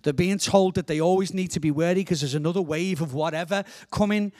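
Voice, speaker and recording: A man's voice: sits high, fairly quick, a little mellow. A middle-aged man from England preaching a sermon as a guest speaker in a church, earnest and fervent, often repeating words as he builds a point.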